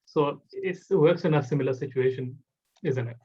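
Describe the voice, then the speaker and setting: A man's voice: fairly high pitch, fairly quick, warm tone, slightly rough, lo-fi sound. A man hosting a casual interview, answering with short encouraging replies and loose informal phrasing. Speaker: podcast host.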